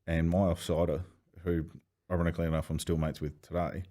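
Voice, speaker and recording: A man, telling swearing, animated anecdotes as a podcast guest. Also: sits low, fairly quick. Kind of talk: casual storytelling chat.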